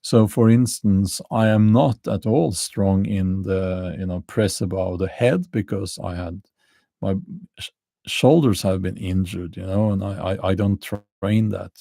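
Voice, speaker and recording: A middle-aged man with a Norwegian accent, hosting a casual livestream and answering chat questions in a halting way, full of fillers and restarts. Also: low voice, vocal fry, dark tone, dry recording. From Norway. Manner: halting, many fillers and restarts, chuckles dryly.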